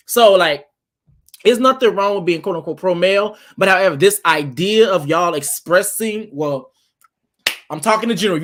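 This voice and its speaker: A man's voice: high-pitched, moderate pace, a bit bright. A man hosting an online panel discussion, talking emphatically and stacking his points in repeated phrases. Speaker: panel host.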